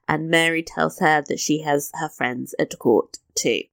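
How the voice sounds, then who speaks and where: A woman's voice: deep voice, animated, measured pace, vocal fry, hardly any pauses, a bit bright, no room sound. A woman co-hosting a podcast, recapping a TV episode in casual chat with sarcastic asides. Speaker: podcast co-host.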